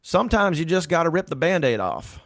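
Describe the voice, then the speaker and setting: A man's voice: on the high side, sing-song, fairly quick, fairly bright tone, no room sound, studio quality, pitched above the performer's own voice. A man voicing a down-to-earth Southern man with a Georgia accent who gives blunt, folksy advice. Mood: matter-of-fact.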